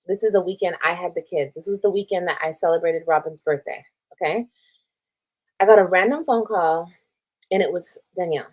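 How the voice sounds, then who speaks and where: A woman's voice: fairly low pitch, a little fast, a little mellow. A woman retelling a personal drama on a casual livestream, reading old texts aloud, swearing freely and reacting as she scrolls. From Texas. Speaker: streamer telling a personal story.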